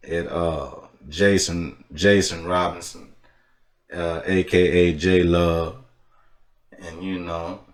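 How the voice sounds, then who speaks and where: A low-voiced man holds forth in a casual, emphatic monologue, hammering points home by saying them twice. He sits back from the mic, so his voice carries a roomy echo. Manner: emphatic and preachy, repeats phrases for weight. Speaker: podcast host. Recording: echoey room, distant mic.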